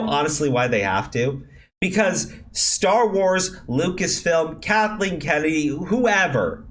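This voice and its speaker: High, bright, profane ranting man. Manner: profane, sarcastic, stammers and repeats words; shouts and climbs high when angry. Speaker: commentary channel host. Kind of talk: angry ranting commentary.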